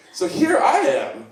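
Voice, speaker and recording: A man from Iceland doing open mic stand-up, rambling and self-deprecating, acting out the voices of the people in his stories. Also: very high voice. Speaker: stand-up comedian. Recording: echoey room recorded from a distance. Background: audience laughter.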